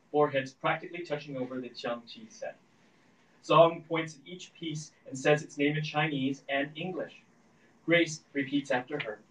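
Man reading stage directions aloud. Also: fairly high pitch. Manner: steady descriptive reading. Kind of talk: screenplay reading. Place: event room at a live reading. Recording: echoey room, distant mic.

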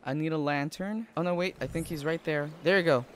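A man commentating his own gameplay in a casual let's-play style, excitable and prone to swearing when startled. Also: a little high, brisk, a little hiss or hum. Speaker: gaming YouTuber.

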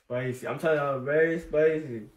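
A man's voice: fairly high pitch, moderate pace, roomy sound. Jersey man, stoned guest, mumbly and laid-back. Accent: New Jersey. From New Jersey. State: high. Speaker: livestream guest. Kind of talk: casual livestream chat.

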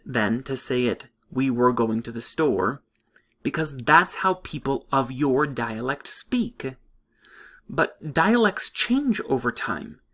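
A man giving a recorded psychology lecture, explaining things in a measured way. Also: fairly high pitch, a bit bright.

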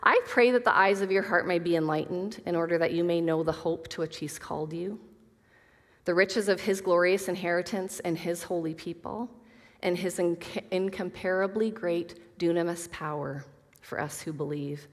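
With a fairly low voice at a normal speed, a woman earnestly guides a women's Bible study, reading scripture aloud between casual asides. The recording carries a hall's long reverb.

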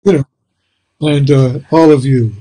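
A man's voice: mid-range voice, steady tone, a little slow, dark tone. An older man hosting a casual interview, talking in a reflective, rambling way with many fillers. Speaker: host.

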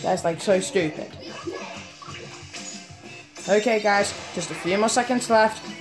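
A woman giving live gameplay commentary, excitable and quick to panic, exclaiming often and laughing at herself. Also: mid-range voice, music in the background. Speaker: gaming video host.

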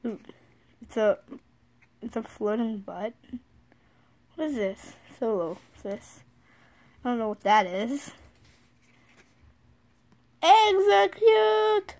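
A school-age girl vlogging casually from her bed, excitable, reading card names aloud and often apologizing. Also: mid-range voice, slow, long pauses. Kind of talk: casual card-opening vlog. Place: sitting on her bed at home.

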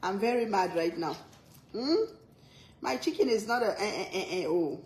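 A woman's voice: medium pitch, animated, moderate pace, a little mellow, roomy sound, poor audio. A woman hosting a cooking livestream, chatting playfully with viewers and laughing often. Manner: playful, laughs a lot, reads comments aloud. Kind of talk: casual live-stream chat.

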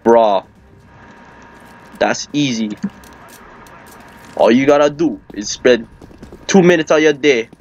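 A man's voice: mid-range voice, takes it slowly, long pauses, a little mellow, highs cut off. A man with a Hawaiian Pidgin accent telling a rambling comic tall tale, acting out the people in it. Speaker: storyteller. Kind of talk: comic storytelling.

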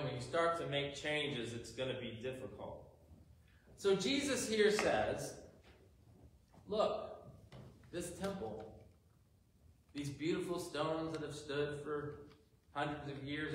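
A man's voice: fairly high pitch, fairly bright tone. A man preaching a sermon as a pastor, earnest, leaning into the quoted lines, with dry self-deprecating humor. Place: church sanctuary. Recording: very echoey church sanctuary, faint hum.

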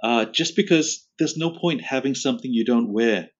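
A man chatting as a podcast guest, relaxed and quick to laugh. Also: mid-range voice. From Australia. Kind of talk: casual interview chat. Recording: dull lo-fi audio.

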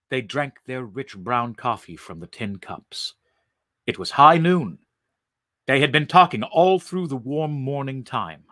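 Slow, expressive male storyteller. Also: medium pitch, no room sound, studio quality. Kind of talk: dramatic story reading.

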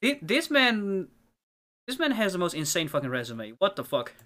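An excited game streamer chatting casually and swearing freely. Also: medium pitch, normal speed.

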